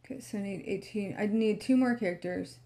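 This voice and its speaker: A woman's voice: mid-range voice, a little fast. A woman tech vlogger casually walking through a screen recording, talking to herself as she works, sleepy and yawning. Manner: talks to herself while working, relaxed and chatty.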